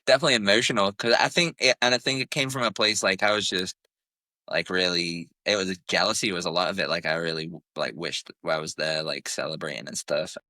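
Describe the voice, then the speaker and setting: Male co-host, deep and bright, a rambling, candid talker. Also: steady tone, fairly quick, no echo. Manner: rambling and candid, heavy use of "like". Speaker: podcast co-host. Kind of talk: casual chat.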